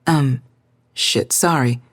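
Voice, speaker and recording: An angry young law clerk, voiced by a woman narrator, confronts with sharp words. Her voice is low and a little husky. It is a storybook reading. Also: takes it slowly, no echo, studio quality, full character voice.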